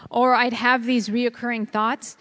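A woman's voice: a little high, level tone, a little slow, a bit bright, in a large hall. Woman giving an earnest spoken testimony. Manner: earnest storytelling, acting out her own past words. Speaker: guest speaker sharing testimony. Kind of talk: personal testimony talk.

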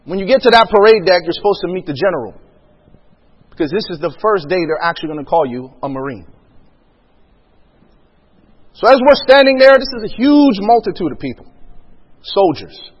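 High-voiced man telling a story in a reverberant hall. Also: expressive, normal speed, pauses often, slightly rough. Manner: vivid storyteller, acts out quotes, laughs often. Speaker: speaker sharing a personal testimony. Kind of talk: storytelling testimony to an audience. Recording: dull lo-fi sound with long hall reverb.

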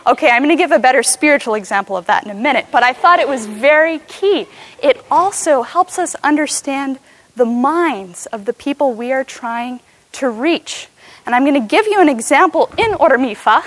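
A woman giving an animated class talk to a live audience, often asking them questions. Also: sits high, moderate pace, no echo. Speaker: speaker teaching cross-cultural ministry.

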